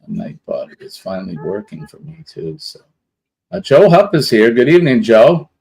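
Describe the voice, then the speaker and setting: A man's voice: medium pitch, big pitch swings, moderate pace, gravelly, darkish tone, slightly rough, rough recording. A man hosting a casual live stream, greeting viewers one by one in a rambling, chatty way. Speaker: livestream host.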